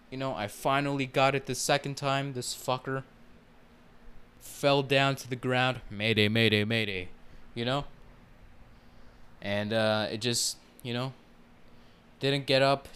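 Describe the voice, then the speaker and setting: A man's voice: mid-range voice, level tone, measured pace, fairly bright tone, clear, resonant tone. A man hosting his own podcast, ranting casually in a rambling, heavily profane way full of fillers. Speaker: podcast host. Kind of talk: casual solo rant.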